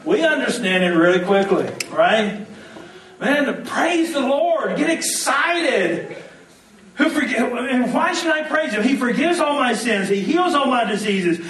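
Animated preacher in an echoey hall. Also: male voice, very high-pitched, a little slow. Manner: animated, joking, call-and-response with congregation. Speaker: pastor. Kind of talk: sermon. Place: church hall. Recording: echoey hall, mic at a distance.

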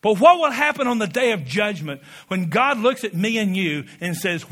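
A man preaching a sermon with passion, building to loud peaks and dropping to quiet asides, leading the congregation in call-and-response. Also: high-pitched, sing-song, normal speed, few pauses. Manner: impassioned, rising to shouted peaks, drops to quiet asides. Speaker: pastor.

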